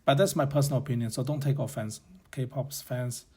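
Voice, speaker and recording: A man's voice: medium pitch, fairly even intonation, fairly quick, a little mellow, breathy edge. Blunt man musing aloud. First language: Chinese. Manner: blunt, opinionated, rambling with self-corrections. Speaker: podcast host. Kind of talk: casual opinion monologue.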